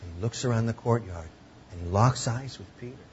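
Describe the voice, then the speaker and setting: A man preaching a sermon in a conversational way, sometimes dropping to hushed tones. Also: on the low side, a little fast, dull audio, a little hiss or hum. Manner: conversational, drops to hushed tones for emotional moments.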